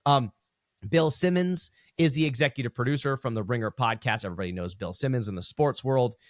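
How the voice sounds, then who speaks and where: A man co-hosting a podcast in casual chat, blunt and profane, ranting with animated energy. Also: mid-range voice, brisk, dry recording, studio quality. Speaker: podcast co-host.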